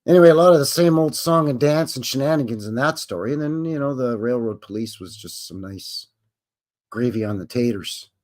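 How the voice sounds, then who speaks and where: A man's voice: medium pitch, expressive, brisk, a little mellow. A man hosting a casual livestream, rambling and joking as he acts out little voices. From Canada. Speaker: livestream host.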